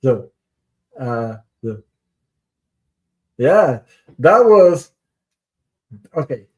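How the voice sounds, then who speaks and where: Male tarot reader on a live stream, earnest and rambling, mid-pitched voice, casual storytelling. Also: big pitch swings, drawn-out words. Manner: earnest, rambling, repeats words for emphasis.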